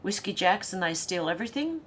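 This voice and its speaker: A woman's voice: mid-range voice, sing-song, brisk, fairly bright tone, a little hiss or hum. A middle-aged Australian woman hosting a casual livestream, reading viewer comments aloud with giggly, chatty asides. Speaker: livestream host.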